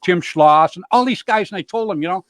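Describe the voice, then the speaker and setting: A middle-aged man hosts a casual chat show, spinning loose, rambling stories and poking fun at himself. His voice sits a bit high for a man and sounds dry and close, with no room echo. He leans on "you know" constantly. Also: animated, brisk. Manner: upbeat, jokes about himself. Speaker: show host.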